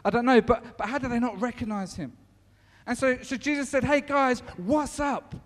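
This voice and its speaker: A man's voice: very high-pitched, a little fast. A man giving an informal sermon, telling the story conversationally with many restarts. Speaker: preacher. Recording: long echoing reverb.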